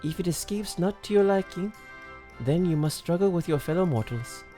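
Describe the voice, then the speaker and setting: A man's voice: high-pitched, expressive, mellow, voice pushed up. A man voicing a doting, dramatic fairy royal with an attempted Scottish accent, reading theatrically over faint game music. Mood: doting, grand. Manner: theatrical, drawn-out reading with stumbles.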